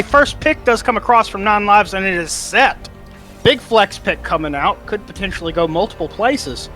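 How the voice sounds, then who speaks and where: A bright, high-pitched man hosting an esports analysis desk. He sounds upbeat and keeps tossing questions to his panel. Soft music plays underneath.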